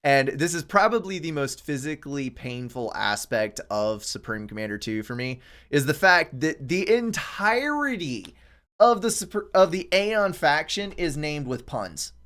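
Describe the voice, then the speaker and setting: A man's voice: on the high side, very animated, measured pace, a bit bright. A man co-hosting a gaming podcast in casual chat, telling things with chuckles and animation.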